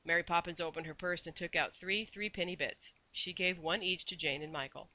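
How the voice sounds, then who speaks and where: A man narrating a children's storybook. His voice is very bright and sits a little high, and his storytelling is measured and expressive. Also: rough recording. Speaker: audiobook narrator. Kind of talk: storybook reading.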